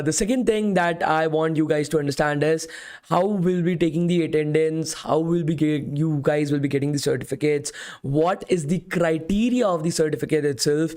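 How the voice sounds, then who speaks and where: Running a live coding bootcamp class, a young man from India talks in Indian-accented English with a fairly high, slightly mellow voice worn out from talking all day. He's chatty, leans on "okay" and "guys," and reads questions from the chat out loud.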